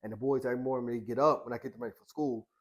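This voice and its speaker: A man's voice: mid-range voice, sing-song, creaky. Earnest middle-aged man recounting a story. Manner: colloquial, earnest, retells conversations in quoted dialogue; halting with restarts, softening to a hushed voice. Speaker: boxing coach and social worker, podcast guest. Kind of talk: emotional personal storytelling in a podcast interview.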